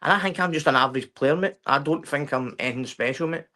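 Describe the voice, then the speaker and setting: A man speaking as a podcast guest in casual chat. His talk is halting and keen, with a "mate" in nearly every phrase. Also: a little high, sharp tone. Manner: says "mate" constantly, halting and enthusiastic. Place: remote podcast stream.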